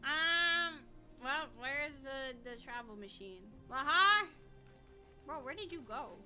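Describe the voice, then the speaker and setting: A woman's voice: high voice, a little slow, sharp tone, faint music behind. A woman chatting casually while streaming a game, joking and giggling between comments.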